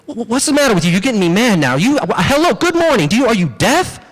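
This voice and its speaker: A man's voice: very high voice, sing-song, fast, in a large hall, voice pushed up, heavily acted. A man voicing a hot-headed male rabbit from a bedtime story, indignant and stammering.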